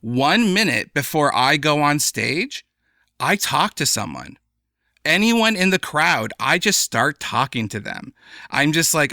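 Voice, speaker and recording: A young adult man, a comedian guest on a podcast, talking in an animated, chatty way. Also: a little high, measured pace, no echo, clean studio sound. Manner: animated, chatty, slips into playful voices for examples. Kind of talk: casual podcast conversation.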